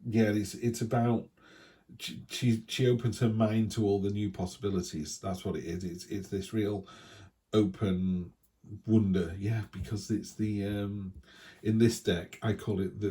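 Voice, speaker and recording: Low, mellow man reading tarot. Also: little pitch movement, measured pace. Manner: chatty, thinking aloud, with many restarts. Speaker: tarot reader.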